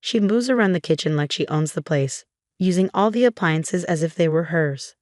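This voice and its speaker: Low-voiced woman narrating a story. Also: normal speed, a little mellow, dry recording, clean studio sound. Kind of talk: first-person story narration.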